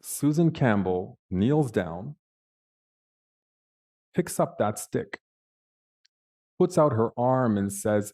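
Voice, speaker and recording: A middle-aged man giving a keynote speech, telling a personal story with dramatic pauses and acted-out quotes. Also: medium pitch, animated, mellow. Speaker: keynote speaker.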